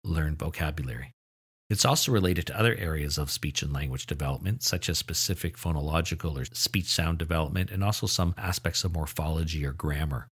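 A man giving a lecture on how children learn language, in a low, slightly husky voice. He explains steadily and lifts his voice to stress the key points. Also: brisk, fairly bright tone. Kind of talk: recorded lecture.

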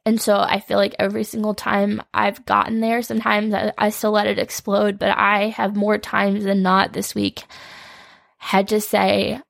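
A woman's voice: medium pitch, completely flat delivery, moderate pace, vocal fry, no room sound. A young woman hosting an unscripted devotional podcast, earnest and vulnerable, fighting back tears as she quotes scripture. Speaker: podcast host.

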